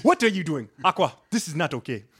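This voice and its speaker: A man's voice: on the high side, sing-song, quick pace, fairly bright tone, husky, full character voice. A man putting on a stern African father with an African accent, threatening and scolding.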